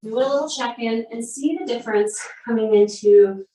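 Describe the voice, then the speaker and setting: A woman's voice: a little high, moderate pace. Yoga teacher woman in a roomy space. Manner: calm, steady cueing, breathing between phrases. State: a little out of breath. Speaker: yoga instructor. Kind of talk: guided yoga class instruction. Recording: roomy sound, mic at a distance.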